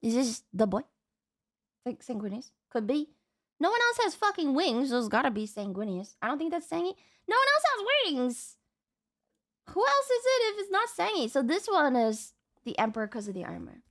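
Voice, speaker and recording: A woman streamer chatting casually as she reacts, excitable and swearing freely. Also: high-pitched, a little fast.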